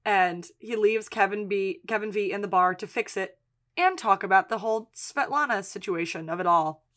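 A woman's voice: medium pitch, normal speed, a bit bright. A woman co-hosting a podcast, casually recapping episodes and acting out characters' lines as she goes. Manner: acts out characters' lines while retelling scenes. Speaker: podcast co-host.

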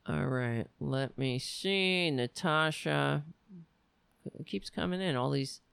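A livestream host reads out viewer comments at a slow, drawn-out pace, pausing and musing over names. The voice is smooth and resonant with a gravelly edge. It sits close and dry, with no room around it. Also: mid-range voice, fairly bright tone, no room sound. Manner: slow, musing, halting as they read comments aloud. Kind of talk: casual livestream chat.

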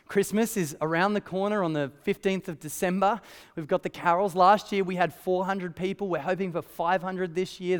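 A man preaching a sermon in a church, telling the story conversationally with lively asides. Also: high voice, clean tone, long reverb tail. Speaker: pastor. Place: church hall.

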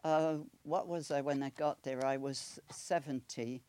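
A woman's voice: very deep voice, steady tone, measured pace, warm tone, smooth, no room sound. A woman in her eighties from Wales with a Welsh accent, telling a personal story in a chatty, rambling way with restarts. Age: 80s.

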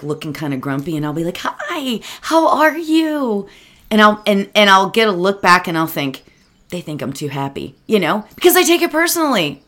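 Earnest woman, lively rambling voice. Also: mid-range voice. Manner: earnest, rambling, talks to the listener directly. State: emotional, near tears. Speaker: meditation teacher. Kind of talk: reflective solo talk.

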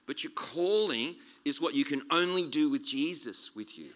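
A man preaching a sermon as a guest speaker, chatty and animated, joking and restarting his sentences. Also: fairly high pitch, normal speed. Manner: animated, conversational, jokey preaching with many restarts.

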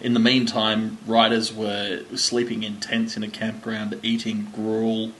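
An Australian man co-hosting a podcast, trading dry, wry asides in casual chat. His voice is bright and a little sharp. A faint hiss of noise sits behind him. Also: fairly low pitch, completely flat delivery, measured pace, poor audio. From Queensland, Australia. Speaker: podcast co-host.

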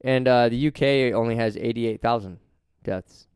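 A man's voice: medium pitch, moderate pace, darkish tone, clear, resonant tone, no echo, clean studio sound. A man co-hosting a podcast in casual profane chat, laughing often and riffing on numbers and jokes. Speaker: podcast co-host.

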